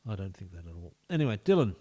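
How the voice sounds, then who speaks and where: A man's voice: low voice, big pitch swings, very fast, dark tone. A man giving casual, jokey let's-play commentary as a gaming video host, bantering with the players in the game.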